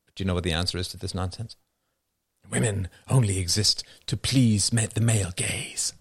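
A man's voice: sits low, moderate pace, a bit bright, husky, no echo, studio quality. A man hosting a show, giving casual commentary and answering chat with rhetorical questions and frequent laughs. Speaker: show host.

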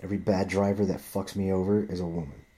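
A man's voice: low-pitched, flat delivery, fast talker, mellow. A man ranting in a profane, rambling monologue, often restarting and repeating himself.

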